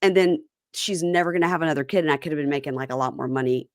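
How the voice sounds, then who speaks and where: Lively woman retelling scenes, low voice. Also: racing, dry recording, clean studio sound. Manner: retells scenes quoting people in lively put-on tones. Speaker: podcast host. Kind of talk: casual recap chat.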